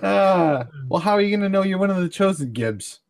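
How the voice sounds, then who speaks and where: A man's voice: high-pitched, lively intonation, a little fast. A man hosting a casual comedy podcast, playful and mock-formal, often stumbling and restarting his sentences. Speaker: podcast host.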